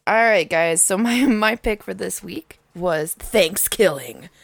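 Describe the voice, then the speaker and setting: Woman co-host, gravelly low fry, joking crude banter, dry close sound. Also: slow pace, no room sound. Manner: crude, joking, laughs often. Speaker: podcast co-host. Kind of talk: casual chat.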